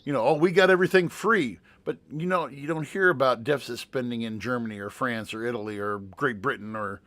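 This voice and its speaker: With a sharp tone and a fairly quick delivery, this mid-range male voice sits in a dry recording. He's a teacher co-hosting a casual podcast, and reading figures sends him into rambling with many restarts.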